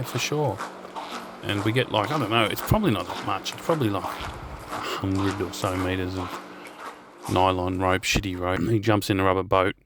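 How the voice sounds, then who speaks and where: A man's voice: lowish voice, no echo. An Australian man telling rambling, swear-laden stories while walking through a storm drain. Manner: rambling, swears freely, sidetracks. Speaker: urban explorer and channel host. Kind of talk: casual storytelling while walking.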